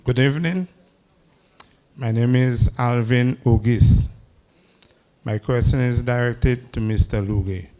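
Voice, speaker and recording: A man's voice: mid-range voice, takes it slowly, long pauses, dark tone. A man, an audience member at a public forum, politely asking a candidate about social programs.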